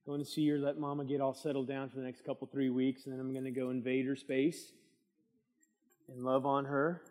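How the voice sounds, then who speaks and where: A middle-aged man teaching a midweek church Bible study, preaching in a lively way and drawing amens from the room. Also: mid-range voice, a little fast. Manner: lively preaching with call-and-response asides. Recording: long church hall reverb.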